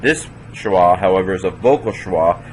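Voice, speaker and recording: A man teaching Hebrew pronunciation, sounding out words slowly syllable by syllable and explaining the vowels in a relaxed, careful way. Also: deep voice, slight background noise, poor audio.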